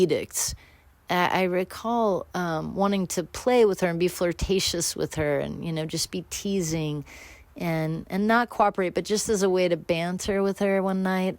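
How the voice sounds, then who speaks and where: Low-voiced woman telling a candid story. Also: no room sound. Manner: rambling, candid, self-deprecating with restarts. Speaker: radio show host. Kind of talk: personal storytelling monologue.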